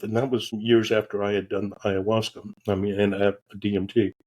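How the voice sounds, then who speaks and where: A man, a podcast guest, telling stories in a casual, animated way, acting out the voices he quotes and cursing offhandedly. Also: on the low side, moderate pace, few pauses, husky. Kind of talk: casual storytelling.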